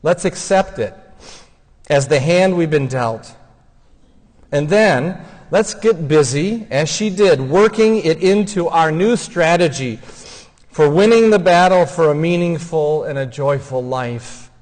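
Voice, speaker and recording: A man delivers a funeral homily in a gentle, heartfelt way. His voice sits a little high, and he speaks at a very slow, unhurried pace. Long reverb from the church trails after his words. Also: expressive. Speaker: homilist and son of the deceased.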